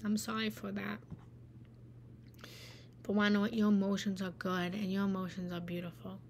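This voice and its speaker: Answering viewer comments on a live stream, a woman meditation teacher offers an earnest, encouraging spiritual talk in a completely flat, medium-pitched, darkish voice at a moderate pace. She repeats phrases for emphasis and drops into whispered asides, with slight background noise.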